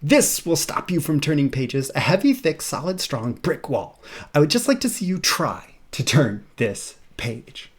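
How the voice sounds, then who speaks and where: A man's voice: very animated, full character voice. Grover, a man doing a fretful furry monster. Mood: exasperated. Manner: pleading, high and drawn-out, deliberately rough imitation. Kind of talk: reading a children's picture book aloud.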